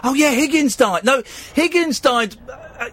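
A man's voice: extremely high pitch, expressive, measured pace, fairly bright tone, husky. A man hosting a radio show, bantering casually and teasing with incredulous outbursts.

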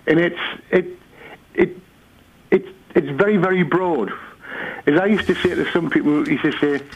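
A man's voice: fairly high pitch, moderate pace, breathy edge. A man chatting on a radio show, telling rambling anecdotes. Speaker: studio guest. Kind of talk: casual chat. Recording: dull lo-fi radio sound.

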